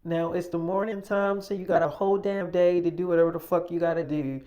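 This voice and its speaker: A man's voice: high-pitched, fairly even intonation, fairly quick, dark tone, close to an everyday voice. A man voicing a pushy, impatient young woman in an improvised audio story, exasperated and swearing. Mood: bossy.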